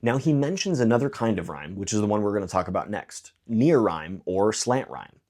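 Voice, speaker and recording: A man explaining songwriting in a clear video lesson, with dry joking asides. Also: on the low side, sing-song, a little fast, a little mellow. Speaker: songwriting teacher.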